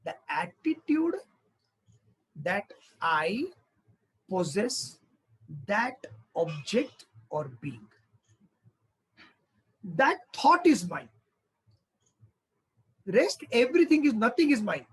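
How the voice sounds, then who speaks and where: A man teaching a discourse on scripture, animated, asking rhetorical questions and acting out small dialogues. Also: high voice, extremely slow, pauses often, husky, low-quality recording. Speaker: spiritual teacher.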